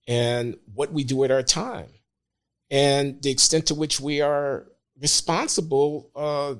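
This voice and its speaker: An older man speaking at an ordinary mid pitch as a podcast guest. He talks in a measured, emphatic way, with hesitant pauses between points. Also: fairly even intonation. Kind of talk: opinionated talk.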